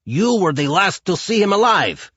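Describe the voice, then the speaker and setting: A man voicing a volatile, overweight Russian mobster who shouts and pleads. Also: high-pitched, sing-song, moderate pace, husky, no echo, muffled recording, pitched above the performer's own voice, full character voice. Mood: angry. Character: volatile middle-aged Russian mobster, overweight, hot-tempered.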